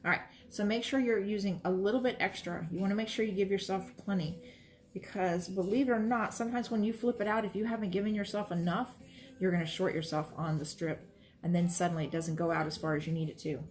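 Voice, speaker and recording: A woman's voice: medium pitch, fairly even intonation, fast talker, a little mellow. A woman teaching quilting in a casual demonstration, chatty and reassuring as she talks while she works at her sewing station. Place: sewing room, moving between workstations.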